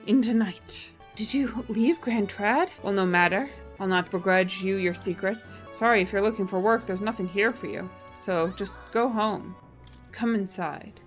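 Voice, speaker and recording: A woman's voice: mid-range voice, measured pace, soft background music, lightly acted. A woman voicing a bitter, guarded woman in a video game, cold, clipped and weary as she grieves a lost dog.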